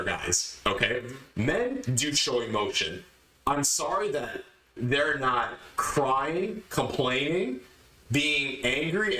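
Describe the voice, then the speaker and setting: Male podcast host, bright forceful tone, lectures emphatically, echoey room. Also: medium pitch. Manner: emphatic, lectures the listener directly, repeats points. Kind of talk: opinionated podcast monologue.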